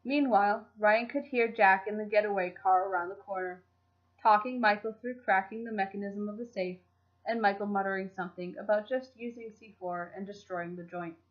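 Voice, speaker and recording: A woman reading a fan fiction story aloud in steady, expressive audiobook-style narration. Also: medium pitch, normal speed, dull audio.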